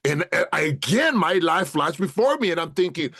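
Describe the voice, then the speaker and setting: A man's voice: on the high side, moderate pace, dry recording, studio quality. A middle-aged man telling a story in a casual podcast interview, acting out what people said and calling the host "bro" and "brother". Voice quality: street slang. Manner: animated storyteller, acts out quotes, says "bro" and "brother" often. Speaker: podcast guest, actor.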